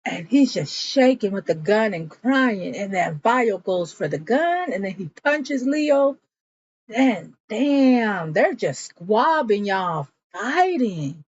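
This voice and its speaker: A woman reviews a TV episode in a casual, chatty recap, acting out the characters' lines and calling her viewers "y'all." Her voice is a little high, darkish and slightly rough, and the muffled recording has no echo.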